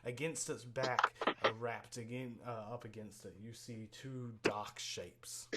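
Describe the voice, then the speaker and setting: Halting male game master, noisy mic. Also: mid-range voice, steady tone. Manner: halting, many fillers and restarts. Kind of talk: narrating a tabletop game.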